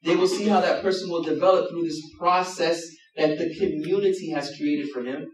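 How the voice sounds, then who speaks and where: A man preaching a sermon, telling a story with lively acted-out quotes and sudden shifts between loud and hushed. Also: a little high, moderate pace. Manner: animated storytelling, acts out quotes with sudden swings in loudness. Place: mosque hall. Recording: roomy hall, mic at a distance.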